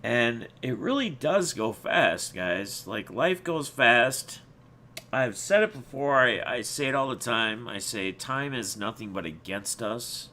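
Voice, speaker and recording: A man's voice: mid-range voice, lively intonation, takes it slowly, pushed and bright. A man hosting his own channel, telling viewers a personal story in a rambling, reflective way with many restarts. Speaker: channel host.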